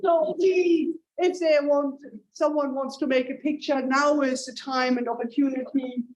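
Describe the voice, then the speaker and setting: A woman's voice: sits high, fairly even intonation, a little slow, rough recording. A woman from Germany with a German accent, chairing a speech contest on stage, with playful, self-teasing asides.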